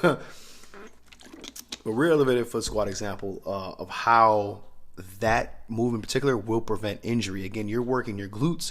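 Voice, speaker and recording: A man talking as a strength coach, explaining training methods in a loose, conversational way. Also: fairly low pitch. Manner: conversational, loose, with restarts and asides. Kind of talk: casual instructional talk.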